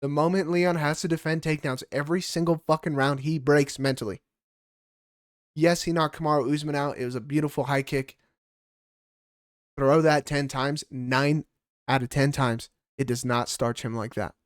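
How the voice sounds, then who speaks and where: Blunt, profane man with a higher voice. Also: fairly even intonation, normal speed, no room sound, clean studio sound. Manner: blunt, profane, heated opinions. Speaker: podcast co-host making fight picks. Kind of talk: casual sports chat.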